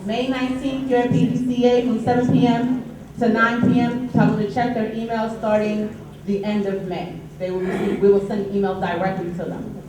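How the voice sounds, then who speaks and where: A woman's voice: fairly high pitch, moderate pace. A woman with a New York accent, a union treasurer giving committee reports at a members' meeting. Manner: upbeat, animated when announcing. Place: large meeting hall. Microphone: distant from the recorder. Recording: echoey hall from far off, background noise.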